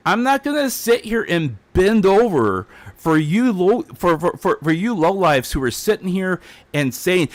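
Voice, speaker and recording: A man's voice: high voice, very animated, a little slow, no echo. Defiant man ranting on stream. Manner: defiant, heated, repetitive. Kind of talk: ranting livestream monologue.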